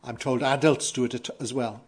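A man from Wales with a Welsh accent, preaching an earnest sermon with emphatic rises and quiet falls. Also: mid-range voice, fairly even intonation, fairly quick, husky. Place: church in London.

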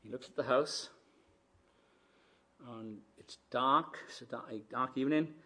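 An older man preaching a sermon, who swings from quiet asides to loud, emphatic declarations and acts out both sides of imagined dialogues. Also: mid-range voice, unhurried, slight background noise.

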